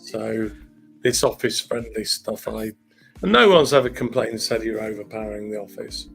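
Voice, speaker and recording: Gravelly, blunt middle-aged man. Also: fairly low pitch, moderate pace, a bit bright, soft background music, rough recording. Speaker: co-host. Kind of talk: casual chat.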